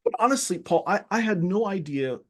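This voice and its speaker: A man speaking as a guest, telling a story from his childhood in an animated, casual way with many restarts. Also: high voice, a little fast. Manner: animated, many restarts, acts out quoted voices. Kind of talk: casual conversation, personal storytelling.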